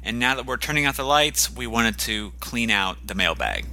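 A man's voice: medium pitch, animated, normal speed, bright, forceful tone. A man co-hosting a podcast in casual chat, talking in a hesitant, self-deprecating way with frequent ums and restarts. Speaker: podcast co-host.

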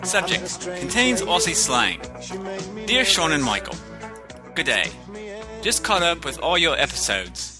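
A man's voice: mid-range voice, lively intonation, a little fast, loud music behind the voice, natural voice. A man reading a listener email while playing a cheerful Australian letter writer, in an exaggerated faux Australian accent that slips toward British. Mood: jolly.

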